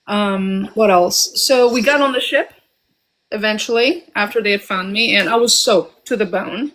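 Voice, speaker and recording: A woman in her forties from Albania, telling a personal story as a guest, reflective and often pausing with ums and restarts. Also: medium pitch, a bit bright, poor audio.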